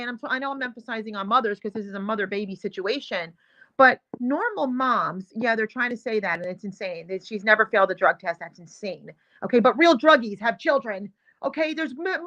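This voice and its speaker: A woman's voice: fairly high pitch, bright, forceful tone. Indignant female host, emphatic and repetitive, slightly muffled lo-fi stream sound. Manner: indignant, emphatic, repeats herself. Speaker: show host. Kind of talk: heated commentary on video clips.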